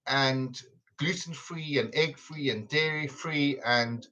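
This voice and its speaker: A South African man hosts a live cooking stream with casual, teasing chatter and plenty of laughter. His medium-pitched voice moves at a slow pace and comes across pushed and bright. The audio through his computer camera is poor.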